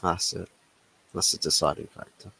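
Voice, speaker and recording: A man's voice: low-pitched, fairly even intonation, normal speed, creaky, pushed and bright, slightly rough, low-quality recording. A man on a football podcast panel, chatting casually in a rambling, jokey way over a video call. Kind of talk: casual chat.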